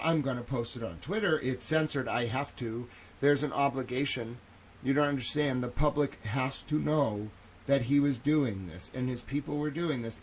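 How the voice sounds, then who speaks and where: Shaken, stammering man with a higher voice. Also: a little hiss or hum. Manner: distressed, repeats himself and stammers. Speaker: livestream host and reporter. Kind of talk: live-stream commentary. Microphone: studio microphone.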